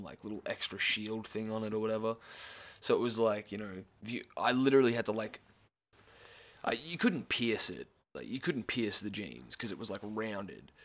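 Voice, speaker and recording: A young Australian man tells a rambling story in a loose, laid-back way, full of swearing and quick laughs. His voice sits a little low for a man. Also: a bit bright. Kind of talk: casual storytelling.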